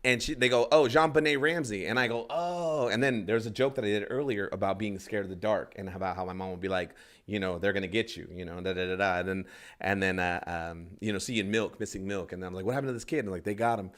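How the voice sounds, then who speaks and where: A man's voice: low-pitched, fairly even intonation, fast, a bit bright. A male comedian telling a rambling story in casual podcast chat, acting out other people's lines and swearing freely. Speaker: stand-up comedian guest.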